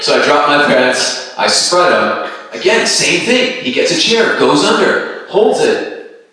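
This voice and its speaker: Thirties male comic, bright and punchy, heard off-mic in a very echoey venue. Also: fairly high pitch, takes it slowly. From Canada. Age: 30s. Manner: animated storytelling with quoted voices. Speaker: stand-up comedian. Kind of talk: stand-up set. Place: comedy venue with live audience. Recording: roomy distant stage sound.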